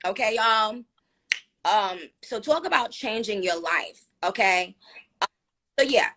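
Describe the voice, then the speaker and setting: Speaking slowly in a mid-range voice, a New York woman hosts a live stream. She chats casually and animatedly, her talk full of fillers.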